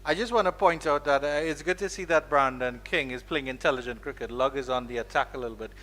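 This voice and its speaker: A man with a Caribbean accent giving live, playful ball-by-ball cricket commentary, his voice climbing high when the ball runs to the boundary. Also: fast, bright, forceful tone. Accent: Caribbean English. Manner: playful, rises sharply on boundaries.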